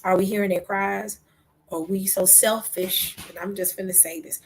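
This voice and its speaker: A woman giving impassioned religious commentary, asking rhetorical questions and dropping into whispers between loud outbursts. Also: mid-range voice, fairly even intonation, moderate pace, a little hiss or hum, low-quality recording. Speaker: online talk host.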